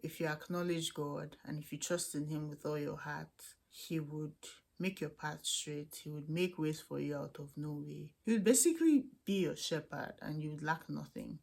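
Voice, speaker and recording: A woman's voice: deep voice, normal speed, gravelly, few pauses, a little mellow. A young woman vlogging casually, answering questions and hesitantly searching for her words. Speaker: student vlogger.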